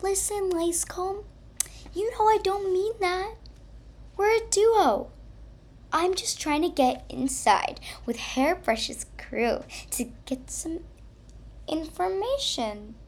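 A woman's voice: extremely high pitch, slow pace, a little hiss or hum, pitched above the performer's own voice, full character voice. A woman voicing Toilet Paper, a cheeky female roll of toilet paper who schemes with her best friend. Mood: confiding.

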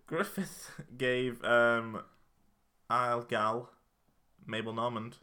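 Bright-voiced joking male podcast host. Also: medium pitch, little pitch movement, slow pace. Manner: joking, rambling, with fillers. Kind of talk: casual chat.

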